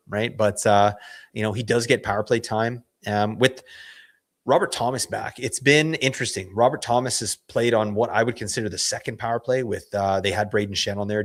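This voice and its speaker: A man hosting a fantasy hockey show, hoarse from losing his voice, chatting casually in a rambling, self-correcting way full of slang. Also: on the low side. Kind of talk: casual analysis chat.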